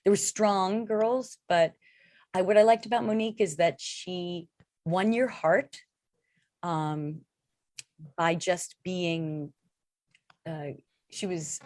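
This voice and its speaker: A woman's voice: medium pitch, dry recording, studio quality. A middle-aged woman, an actress guest in a casual interview, talking in a chatty, rambling way with many fillers.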